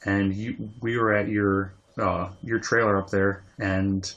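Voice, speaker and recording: Man, co-host, laid-back, low voice, casual chat, rambling memories. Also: little pitch movement, measured pace, fairly bright tone, lo-fi sound. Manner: laid-back, mostly brief agreement, rambling recollection. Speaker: podcast co-host.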